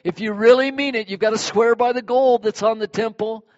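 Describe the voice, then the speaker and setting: Man, pastor, animated sermon, high pitch, long reverb. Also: a little fast. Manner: animated, acts out examples with sudden high bursts. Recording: dull sound with long hall reverb.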